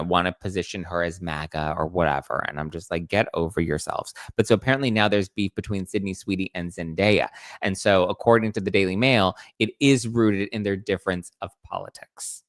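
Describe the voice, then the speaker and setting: Guy dishing celeb gossip, sarcastic, lowish voice, super dry close mic. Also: fairly even intonation, a little fast, no echo. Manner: snarky, gossipy, acts out quotes in mocking voices. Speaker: entertainment news host. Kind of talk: casual pop-culture commentary.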